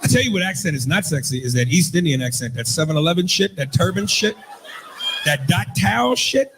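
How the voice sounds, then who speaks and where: A man doing stand-up comedy, crude and animated, mimicking accents for laughs. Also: on the high side, brisk, recorded from a distance, a crowd in the background, noisy background.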